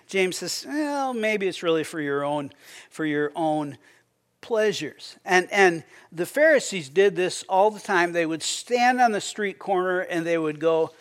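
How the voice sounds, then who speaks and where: Male pastor, high voice, relaxed sermon, stammering restarts, acts out prayers. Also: unhurried. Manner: conversational, repeats words when starting sentences; acts out quoted prayers with a raised voice.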